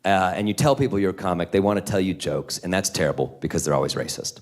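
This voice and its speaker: A man in his forties doing a stand-up comedy set on stage, telling animated, self-deprecating stories. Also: deep voice, fast. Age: 40s.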